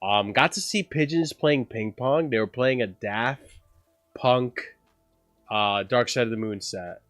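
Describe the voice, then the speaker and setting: A man's voice: medium pitch, measured pace, dry recording, faint music behind. A man casually telling a story on a livestream, rambling and profane, full of "bro" and "like". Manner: animated, laughing through the story.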